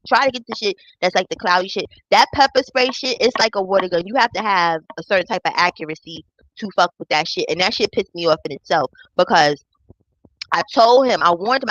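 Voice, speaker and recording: A woman's voice: medium pitch, dry recording, highs cut off. A young woman telling a profane personal story in a casual storytime vlog, acting out the voices of the people in it. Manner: animated, acts out quoted voices, profane.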